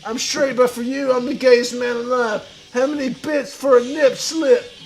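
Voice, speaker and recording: A man playing a crude, boastful washed-up pro wrestler who talks about himself in the third person and shouts his lines. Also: very high voice, steady tone, moderate pace, soft background music. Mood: swaggering bravado. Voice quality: gravelly, shouty bravado. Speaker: streamer in character. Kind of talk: improvised comedy stream.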